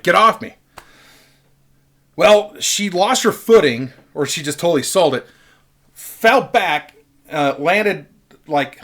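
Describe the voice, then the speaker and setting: Man, casual storyteller, slightly high voice, bright and forceful, profane and rambling, webcam mic. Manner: profane, rambling, lots of fillers and restarts. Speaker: vlogger. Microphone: webcam picking up the mic closely.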